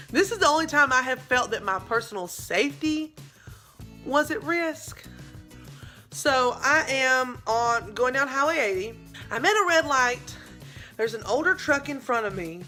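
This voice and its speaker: A young woman telling a dramatic story in a casual vlog, with lively asides to her viewers. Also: on the high side. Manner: animated, dramatic retelling with asides. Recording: faint background music.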